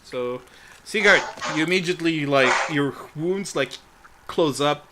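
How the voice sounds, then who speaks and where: A man's voice: fairly high pitch, unhurried, very noisy. A man running a tabletop game as game master, easygoing and often laughing.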